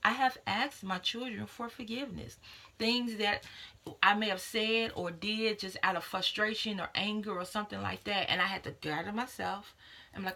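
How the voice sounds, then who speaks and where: A woman's voice: mid-range voice, fairly even intonation, moderate pace, creaky, pushed and bright. A woman in her thirties, a doula and mother, talking earnestly and casually to camera with many fillers. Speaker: doula and vlogger.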